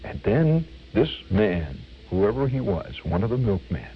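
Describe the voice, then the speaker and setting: Husky older man telling stories. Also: lowish voice, unhurried, highs cut off. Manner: vivid, animated recollection. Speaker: storyteller. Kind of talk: radio storytelling.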